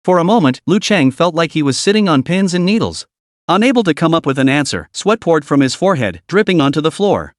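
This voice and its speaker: Lively dramatic male narrator. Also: on the high side, fairly quick, no room sound, clean studio sound. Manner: dramatic storytelling. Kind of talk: scripted story recap narration.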